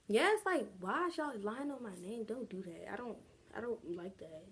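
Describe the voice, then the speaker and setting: A woman's voice: fairly high pitch, lively intonation, moderate pace, few pauses, slightly rough. A young adult woman telling a casual storytime vlog, chatty and slangy, drawing the story out. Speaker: vlogger.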